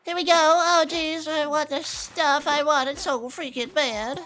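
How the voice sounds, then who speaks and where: A woman's voice: steady tone, a little slow, a bit bright, soft background music. A woman voicing a greedy little gremlin that whines and gasps over shiny things. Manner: high, whiny, gasping greed.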